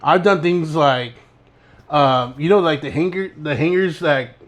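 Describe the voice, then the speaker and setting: A man's voice: fairly high pitch, measured pace, fairly bright tone. A young man co-hosting a podcast, telling rambling, laid-back stories and laughing as he goes. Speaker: podcast co-host. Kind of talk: casual storytelling chat.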